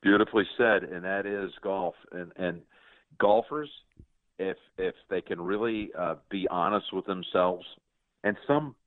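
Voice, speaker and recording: A man's voice: deep voice, fairly even intonation, a little slow, dry recording. A man in his sixties hosting a conversational interview, effusive and often stammering over repeated words. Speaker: host. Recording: tinny phone-like sound, dry.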